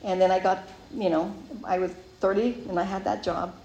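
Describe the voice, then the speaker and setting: A woman sharing her own recovery story as a personal testimony, animated and expressive, acting out what went through her mind back then. Her voice sits in the middle of the usual range. The sound is roomy, with faint ambience behind her. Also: medium pitch, normal speed, muffled recording, slight background noise. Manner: animated storyteller who acts out her own past thoughts.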